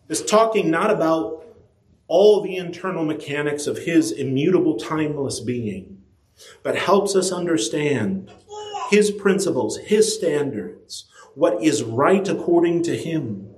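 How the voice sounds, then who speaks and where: A man preaching a sermon, lively and animated, acting out quoted voices with his pitch climbing high. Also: a little slow. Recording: echoey room.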